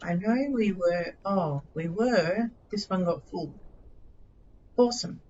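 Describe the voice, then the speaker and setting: A woman's voice: on the low side, takes it slowly, mellow, highs cut off, a little hiss or hum. A middle-aged Australian woman streaming a game live, chatting casually in a scattered, giggly, self-mocking way.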